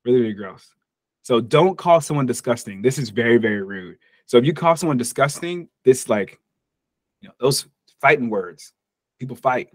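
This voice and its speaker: A man's voice: medium pitch, lively intonation, moderate pace, no room sound, clean studio sound. An American man teaching an online English lesson in a casual, joking way, stopping to act out little example dialogues. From United States. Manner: casual and jokey, acts out short example dialogues.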